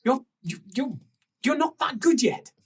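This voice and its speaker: A game master voicing a boisterous, crude bearded nobleman who announces guests loudly and swears freely. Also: high voice, very animated, measured pace, a crowd in the background, pitched above the performer's own voice. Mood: urgent.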